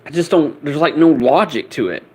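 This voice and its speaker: A man's voice: fairly high pitch, expressive, normal speed, a little mellow, breathy edge, poor audio. A man on a live stream with a casual, profane rant. He talks in an exasperated way, repeating himself and starting his sentences over. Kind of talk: casual ranting monologue.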